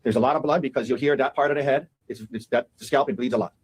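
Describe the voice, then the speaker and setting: A man talking quickly in a husky, slightly raised voice. He lays out an opening statement to a jury in an animated way and acts out what people said as he goes. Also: medium pitch, poor audio. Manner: fast, animated, acts out quotes. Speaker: defense attorney.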